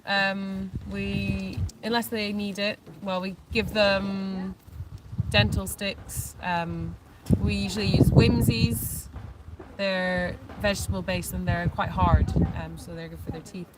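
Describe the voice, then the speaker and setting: A woman's voice: medium pitch, fairly even intonation, slow, distant mic. A woman hosting a casual livestream for an animal sanctuary, reading viewer comments aloud in a matter-of-fact way. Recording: noisy livestream audio. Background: clear background noise.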